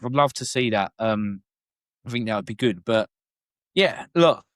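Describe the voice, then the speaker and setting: A man's voice: medium pitch, expressive, a little slow, fairly bright tone, no echo, studio quality. A man co-hosting a wrestling podcast in casual chat, swearing freely and laughing often. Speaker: podcast co-host.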